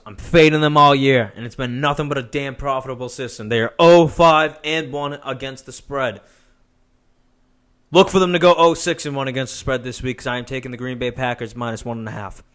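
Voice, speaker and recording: A young man hosting a casual sports betting podcast, loud and laughing, swearing often. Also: mid-range voice, brisk. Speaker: podcast host.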